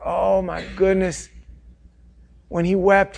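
A middle-aged man preaching a sermon, swinging from hushed, tender passages to loud, fervent ones and acting out the quotes he tells. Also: high voice, little pitch movement, a little slow, creaky. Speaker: pastor.

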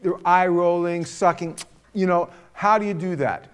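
A middle-aged man leading a casual parenting talk to a group, telling stories in a lively, animated way. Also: sits high, moderate pace, clean tone.

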